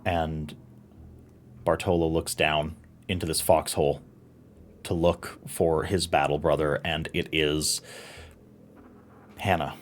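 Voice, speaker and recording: A man narrating as game master, telling a grim scene in a measured, solemn way. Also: very deep voice, flat delivery, a little hiss or hum. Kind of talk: slow dramatic narration of a nightmare scene.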